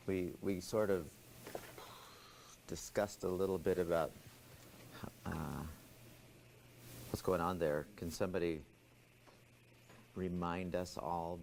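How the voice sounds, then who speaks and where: A man's voice: deep voice, slight background noise. A man teaching a class, asking students questions and explaining ideas step by step. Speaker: instructor.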